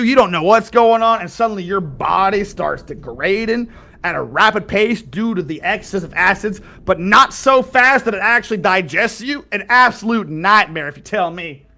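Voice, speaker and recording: A man's voice: high voice, expressive, normal speed, pushed and bright. A man running a tabletop game as game master, slipping into a folksy drawl for his characters and laughing often. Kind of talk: playing a tabletop game, doing character voices.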